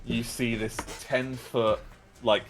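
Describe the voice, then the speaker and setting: A man's voice: medium pitch, little pitch movement, slow pace. A man narrating a tabletop game as game master, describing scenes at length with many fillers and "like"s.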